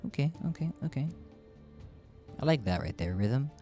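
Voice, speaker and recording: A man's voice: mid-range voice, very animated, moderate pace, warm tone, soft background music. A man casually chatting through a game he is streaming, rambling and joking about himself. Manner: chatty, rambling, self-deprecating. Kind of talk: casual gameplay commentary.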